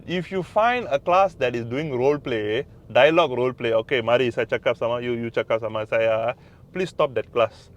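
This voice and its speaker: A man's voice: medium pitch, highs cut off. A man with a Malaysian English accent, a Mandarin teacher giving casual tips, emphatic and repetitive. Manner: emphatic, repeats phrases, mixes in Malay words. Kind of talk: casual language tips to camera.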